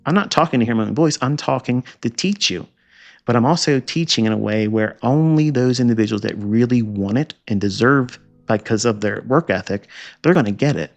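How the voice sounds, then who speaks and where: A man teaching chart trading in a lecture, emphatic and repetitive, firing rhetorical questions and scolding asides. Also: medium pitch. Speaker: trading educator.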